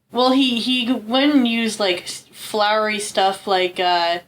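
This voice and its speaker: A woman's voice: medium pitch, fairly bright tone. A woman co-hosting a casual podcast chat, giggling often and talking with many fillers. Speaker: podcast co-host.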